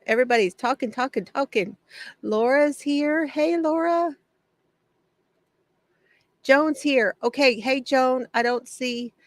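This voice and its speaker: A woman's voice: sits high, takes it slowly, pauses often, no room sound. Chatty woman with a dry, close sound. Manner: chatty, laughs often, drawls out names. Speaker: craft livestream host. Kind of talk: casual livestream chat greeting viewers. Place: home craft shed.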